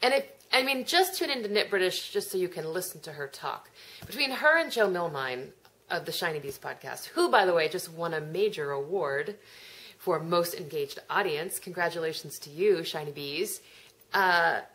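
A woman's voice: on the low side, animated, normal speed, a bit bright, low-quality recording. An American woman hosting a knitting podcast, talking casually with nasal vowels and a chatty, self-deprecating way of trailing off and picking her thread back up. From United States. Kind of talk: casual rambling monologue.

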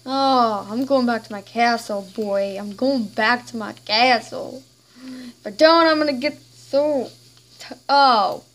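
High, slow-talking playful woman gamer. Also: a bit bright. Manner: playful, chatty, acting out a queen. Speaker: game player. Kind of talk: gameplay commentary with role-play.

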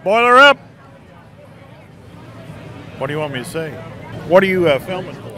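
A man's voice: sits high, big pitch swings, normal speed, sharp tone, some chatter behind. A man at a tailgate, a football fan giving blunt, offhand answers to an interviewer.

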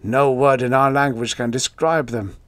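A man doing a hysterical man haunted by unseen horrors, his voice climbing to shrill shrieks and sinking to hoarse moans. The audiobook reading sounds close and dry, with no room around it. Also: fairly even intonation, normal speed, a bit bright, no room sound, natural voice. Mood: haunted urgency. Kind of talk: audiobook character voice.

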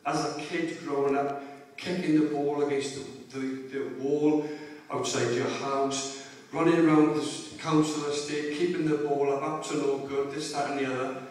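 A man's voice: fairly high pitch, level tone, normal speed, few pauses, a little mellow. A middle-aged man giving an after-dinner speech, swearing freely and laughing at his own stories. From Wales. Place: large hotel function hall. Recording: echoey hall from far off.

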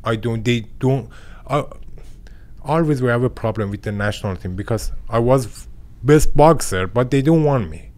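A young man with a Persian accent, a boxer and a guest in a studio interview, speaking halting English and searching for words. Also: medium pitch, animated, darkish tone. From Iran. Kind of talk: interview conversation. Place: podcast studio.

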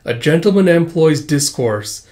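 A stiff, proper old schoolmaster speaks in a formal, prim way, read aloud by a man with a fairly high voice. He is a manga character brought to life in a casual read-along. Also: expressive, measured pace, darkish tone. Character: stiff, proper older male school housemaster.

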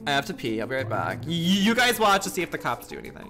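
A man's voice: fairly high pitch, wildly swooping pitch, fast, pushed and bright, faint music behind. A man streaming a role-play game in a flamboyant, campy manner, swearing freely and calling people darling.

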